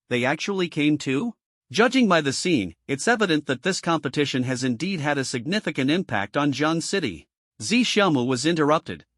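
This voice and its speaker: A man narrating a comic story recap in a smooth, scripted reading. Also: a little high, a bit bright, dry recording, clean studio sound.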